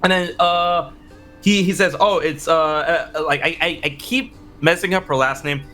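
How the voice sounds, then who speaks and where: A man in a casual interview, telling stories in an animated way, with many restarts and excited quoted voices. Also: a little high, moderate pace, faint music behind. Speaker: interview guest, content creator.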